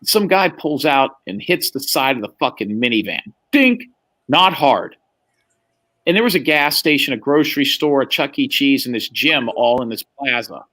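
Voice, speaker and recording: A man's voice: mid-range voice, animated, moderate pace, sharp tone. A man telling anecdotes on a live stream chat, laid-back and profane. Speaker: guest.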